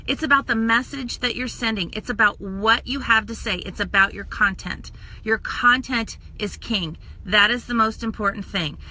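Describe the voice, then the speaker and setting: A woman chats casually on a live stream, talking straight to her viewers with lots of energy. Her voice sits a little high and sounds very bright. She sounds like she is close to a phone or webcam mic. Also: moderate pace. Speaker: social media coach and makeup seller.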